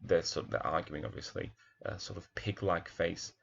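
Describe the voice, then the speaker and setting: A man's voice: low voice, steady tone, moderate pace, gravelly, a bit bright, muffled recording, slight background noise. A male primary teacher talking through a children's picture book, reflective, with many fillers and restarts.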